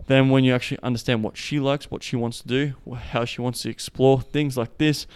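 Smooth-voiced man, flat and laid-back. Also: mid-range voice, brisk. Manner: profane, loose, full of "like" and "the thing is". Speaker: podcast host. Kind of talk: casual podcast monologue.

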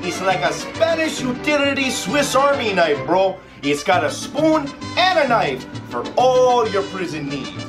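A performer voicing a sleazy pitchman hawking prison escape gear in a mock TV infomercial, with brash hard-sell patter. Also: sing-song, measured pace, few pauses, music in the background.

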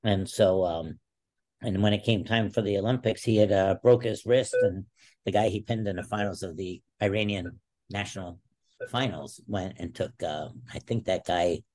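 A man's voice: deep voice, mellow. A man in his sixties, a former Olympic wrestler, telling stories in an interview with emphatic, rambling speech. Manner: rambling, emphatic, many restarts. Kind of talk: storytelling in a casual interview.

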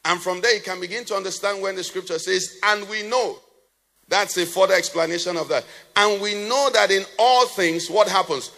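Pastor preaching in a reverberant hall. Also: male voice, sits high, normal speed, sharp tone. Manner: asks the congregation questions and has them fill in the answer. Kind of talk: sermon. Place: church hall. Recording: long church reverb.

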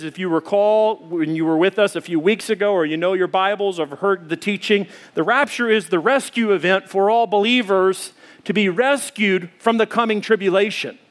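A male pastor preaching a sermon, telling a lively personal story and acting out his own screams. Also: high voice.

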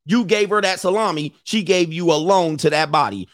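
A man delivers opinionated commentary in a bluntly lecturing manner. He often repeats phrases to drive them home. His voice sits a little high, and the sound is dry and close. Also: moderate pace, a bit bright, no echo. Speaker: commentator host.

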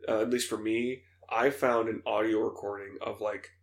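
Young male podcast co-host, gravelly voice, casual excited game talk. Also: lowish voice, normal speed. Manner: excited, fillers, laughs, imitates voices. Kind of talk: casual chat.

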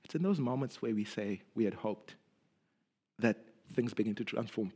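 A man preaching a sermon in an expressive way, often dropping low and quiet at the ends of phrases and repeating words for emphasis. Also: moderate pace, pauses often, husky.

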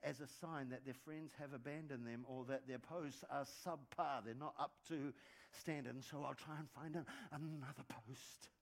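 A pastor preaching a sermon in a conversational way, with quick asides and jokes and words repeated for emphasis. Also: male voice, medium pitch, steady tone, creaky.

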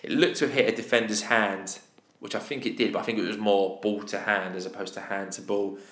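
A man's voice: fairly low pitch, a little fast. Roomy-sounding man reviewing a football match. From England. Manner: animated, exasperated opinions. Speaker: podcast co-host. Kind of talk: casual match review chat. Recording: roomy echo.

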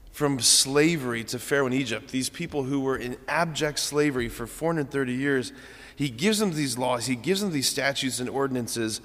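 In a large church with long reverb, a young adult male priest delivers his homily as a conversational story, using lots of fillers. His voice is medium-pitched and slightly bright.

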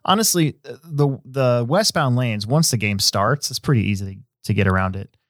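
A man hosting a casual podcast, talking in a rambling, relaxed way with many fillers and restarts. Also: mid-range voice, normal speed, dry recording, clean studio sound. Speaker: host; hobby shop owner.

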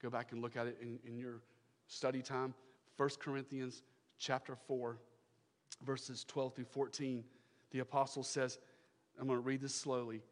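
A man's voice: medium pitch, flat delivery, normal speed, long pauses. Emphatic male pastor preaching in a hall. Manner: emphatic, repeats phrases, swings from loud to hushed. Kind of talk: sermon.

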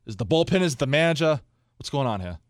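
A young man, co-hosting a casual sports chat and telling animated stories with acted-out quotes. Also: a little high, very fast, dry recording, studio quality. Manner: animated storyteller, acts out quotes. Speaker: podcast co-host.

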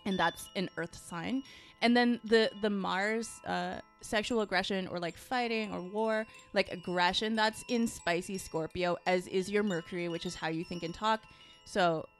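A chatty woman reading a star chart and laying out tarot cards. She talks in loose, easy runs full of fillers. Faint music and soft chimes play behind her. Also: medium pitch, steady tone, normal speed. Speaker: tarot and astrology reader. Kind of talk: casual chat.

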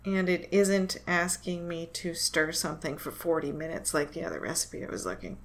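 A woman's voice: on the low side, moderate pace. A woman co-hosting a podcast, chatting casually in a dry, easygoing manner. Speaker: podcast co-host. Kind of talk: casual chat.

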